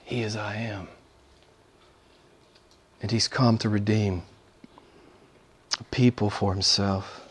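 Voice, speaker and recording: A man preaching a sermon, swinging between loud, high exclamations and hushed, whispered passages. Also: fairly even intonation, slow, long pauses, slight background noise. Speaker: pastor.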